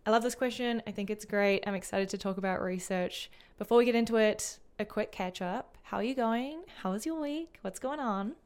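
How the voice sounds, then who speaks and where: A woman's voice: medium pitch, a little fast, hardly any pauses, a little mellow, clear, resonant tone. A woman from New Zealand with a New Zealand accent, co-hosting a design podcast in upbeat, chatty conversation full of fillers. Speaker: podcast co-host. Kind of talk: casual chat.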